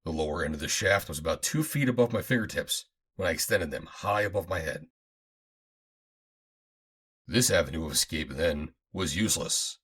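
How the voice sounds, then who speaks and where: Husky male audiobook narrator. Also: low voice, normal speed. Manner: dramatic, expressive reading. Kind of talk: first-person audiobook narration.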